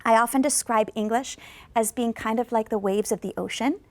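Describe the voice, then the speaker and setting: A woman professor teaching English pronunciation in a video lesson, speaking patiently and slowing down on model sentences for students to repeat. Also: a little high. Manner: patient, instructive. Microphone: studio microphone.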